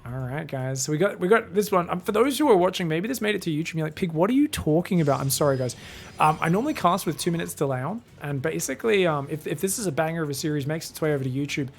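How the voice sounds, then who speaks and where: He speaks fast and animated, his fairly high voice carrying a gravelly texture. Casting a game live alone, he rambles on and chats with his audience as he plays.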